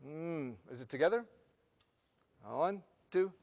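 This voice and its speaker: A man leading a concert band rehearsal, counting off the players, singing rhythms to show them, and quizzing them with quick questions. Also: fairly high pitch, lively intonation, over loud music. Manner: counts off and sings rhythms to demonstrate. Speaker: band clinician. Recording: long reverb of a large hall.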